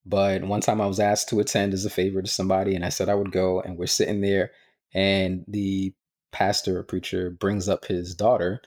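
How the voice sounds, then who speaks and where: A man co-hosting a podcast in casual chat, agreeing readily and explaining things in a measured way. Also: sits low, a little mellow. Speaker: podcast co-host.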